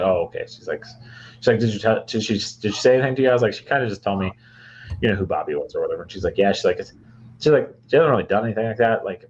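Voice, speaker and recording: A man's voice: lowish voice, dull audio, a little hiss or hum. A young man from Michigan, a podcast co-host, telling a long rambling story with lots of fillers and restarts. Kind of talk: casual storytelling chat.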